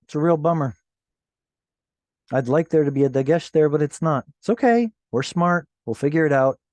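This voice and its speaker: A man's voice: a little high, moderate pace, a little mellow, no echo. A man teaching a language class online over a video call, patiently explaining word by word and correcting himself as he goes. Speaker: Hebrew teacher.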